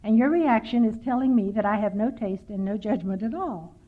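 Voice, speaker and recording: An older Texan woman with a medium-pitched, brisk voice speaks at a recovery workshop, telling stories with dry humor aimed at herself. It sounds like tinny, lo-fi 1990s tape.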